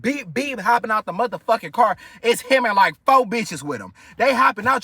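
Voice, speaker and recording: A young storyteller vlogger tells a family story in a casual storytime monologue, animated, gossipy and profane. His voice is high, husky yet bright and sharp, swinging widely in pitch at a moderate pace with few pauses. The recording is dry and close to the mic.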